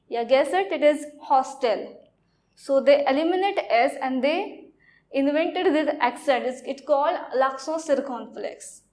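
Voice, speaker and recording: A woman with an Indian accent giving a French lesson, explaining slowly and repeating her phrases. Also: sits high, a little mellow. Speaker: French teacher. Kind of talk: classroom lecture.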